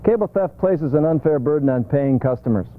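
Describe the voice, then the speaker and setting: A man's voice: a little high, expressive, brisk. A man reading a scripted public service announcement in a formal, earnest way. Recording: tinny lo-fi videotape audio.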